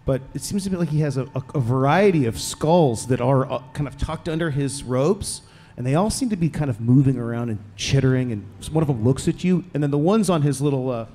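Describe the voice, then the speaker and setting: A man narrating a live tabletop game as game master, playful and quick to joke, sometimes stumbling over his words. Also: medium pitch, animated, dark tone, slight background noise.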